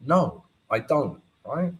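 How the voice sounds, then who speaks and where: A man's voice: medium pitch, very animated, fairly bright tone, rough recording. A man hosting a live trading stream, explaining charts casually and often checking in with "right?" and "you know". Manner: unhurried, keeps asking "right?" and "you know". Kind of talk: live market analysis and Q&A.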